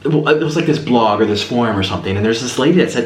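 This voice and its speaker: Animated young man chatting in an echoey room. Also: medium pitch, rapid-fire. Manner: chatty, animated storytelling, rambling asides. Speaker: mukbang host. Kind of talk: casual chat while eating. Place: room at home. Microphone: camera's built-in mic, no separate mic. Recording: echoey room with faint hiss.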